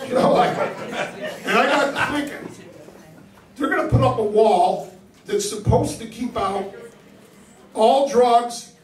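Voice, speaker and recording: A man's voice: extremely high pitch, takes it slowly, long pauses. An older man doing a crude, self-deprecating stand-up set on a comedy club stage. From New York. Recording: roomy live club sound from a distance. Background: laughing audience.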